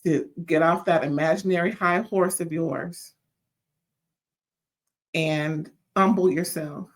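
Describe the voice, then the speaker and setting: A woman hosting a casual reality TV review, sassy and animated, calling listeners "child" and stammering when riled up. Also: lowish voice, vocal fry. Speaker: reality TV recap host.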